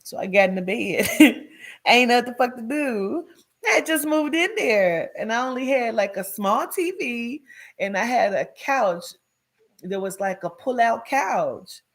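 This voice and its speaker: A woman telling her own life story in a blunt, profane way, with many "like" fillers, swinging between loud emphasis and hushed tones. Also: fairly high pitch, lively intonation, unhurried. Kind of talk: candid personal storytelling.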